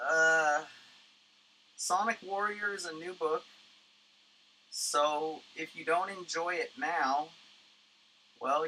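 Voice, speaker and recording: Guy on a livestream, rambling and swearing a lot, um-ing and restarting, very bright sharp voice, kinda high. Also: a little hiss or hum, low-quality recording. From Tucson, Arizona, USA. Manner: profane, rambling, lots of fillers and restarts. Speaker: livestream host. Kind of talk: casual rambling chat. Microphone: studio condenser microphone.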